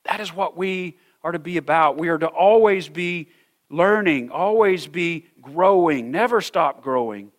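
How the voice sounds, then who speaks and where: A man's voice: on the high side, lively intonation. Earnest middle-aged male pastor preaching. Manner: earnest, repeats words, slows down for emphasis. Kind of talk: sermon. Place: church hall with a congregation.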